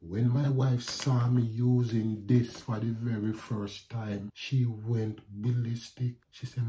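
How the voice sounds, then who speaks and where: A man with a Jamaican accent, telling a personal story to his viewers in a lively vlog, often calling out to them. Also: medium pitch, slow, hardly any pauses. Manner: animated, addresses viewers as guys. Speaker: vlogger. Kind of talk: casual storytelling to camera.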